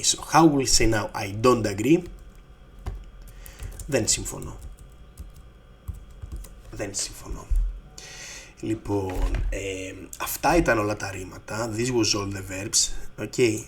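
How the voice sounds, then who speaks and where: A man with a Greek accent teaching a language lesson, repeating each word slowly and patiently. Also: fairly low pitch, a little hiss or hum.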